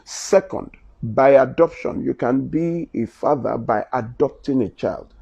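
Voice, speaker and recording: A man's voice: medium pitch, a little slow, creaky, a little mellow, breathy edge. A man with a Nigerian accent teaching in sermon style, reading scripture aloud and pressing his points with rising, impassioned emphasis. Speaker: Bible teacher. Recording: dull lo-fi recording.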